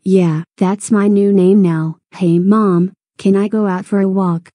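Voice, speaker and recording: A woman's voice: medium pitch, fairly even intonation, measured pace, mellow, dry recording, studio quality, lightly acted. A woman voicing a sweet, cheerful young cartoon girl.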